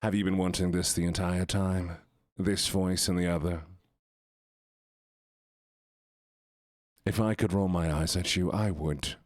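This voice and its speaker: A man's voice: sits low, fairly even intonation, normal speed, no room sound, natural voice. A man doing a mock-posh butler voice for his stream chat, dry and put-upon. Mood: haughty. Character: haughty British-voiced male butler.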